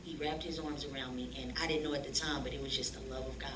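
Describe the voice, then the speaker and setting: A woman telling her life story as a church guest, animated and slangy, acting out the voices of people she quotes. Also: extremely low pitch, fast. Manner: animated, acts out quoted dialogue in slangy speech. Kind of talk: lively storytelling testimony. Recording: echoey room, distant mic, faint noise.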